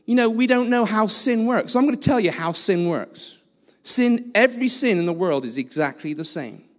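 Blunt high-voiced man preaching in a hall. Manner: blunt, self-mocking preaching. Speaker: guest preacher. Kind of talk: sermon. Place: church hall.

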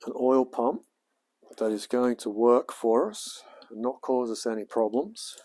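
A man's voice: medium pitch, measured pace, warm tone, slight background noise. An Australian man in his forties, a hobby mechanic chatting casually on a livestream as he works in his home workshop and talks to himself. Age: 40s. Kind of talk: casual livestream chat while working.

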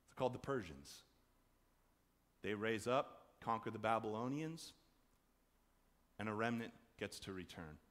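A man preaching a sermon as pastor, conversational and animated, acting out voices in the story. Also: a little slow, long pauses. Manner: conversational, acts out quoted voices with big swings in pitch and loudness. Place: church sanctuary. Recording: long church reverb.

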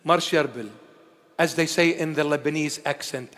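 A man of Assyrian heritage preaching a sermon, telling stories in an animated way that swings between loud declarations and hushed asides. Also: on the high side, moderate pace, in a large hall.

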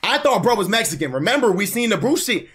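A man's voice: high-pitched, big pitch swings, fast, fairly bright tone, slight background noise. A young man streaming, ranting in casual, profane, heated slang. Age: young adult.

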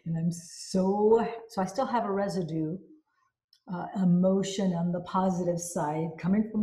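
Mellow-voiced woman in a roomy echo. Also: fairly low pitch, measured pace. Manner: effusive, expressive. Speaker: book reader and reviewer. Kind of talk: reading aloud and casual commentary.

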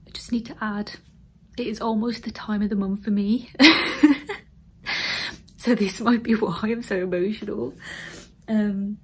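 A woman's voice: medium pitch, fairly even intonation, unhurried, long pauses, darkish tone, husky. A woman in her thirties with an English accent, vlogging emotionally to camera from an emptied room at home, her voice often dropping to a whisper. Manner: emotional, tearful, breaking into whispers. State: teary. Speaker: vlogger, newly qualified nurse. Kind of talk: casual vlog talk to camera.

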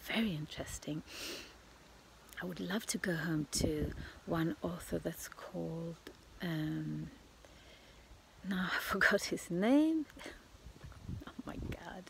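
A chatty woman vlogs outdoors at a countryside bed and breakfast, rambling through a casual travel vlog full of fillers and self-corrections, sometimes dropping to a whisper for stretches. Her voice is on the low side with lively intonation, a slow pace and vocal fry. Slight background noise can be heard.

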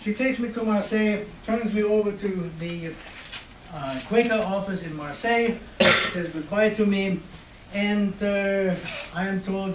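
A man's voice: high-pitched, unhurried, roomy sound, distant mic, background noise. An older man, a Holocaust survivor, telling his life story to an audience in a wry, conversational way. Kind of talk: storytelling talk. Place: hall at a university.

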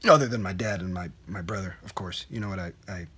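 A man's voice: sits low, quick pace, sharp tone, a little hiss or hum. Jakey, a stammering, awkward young man, as a man plays him. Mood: rambling confessional. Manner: rambling, stammering, with frequent restarts. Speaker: main character. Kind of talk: low-budget comedy web series acting.

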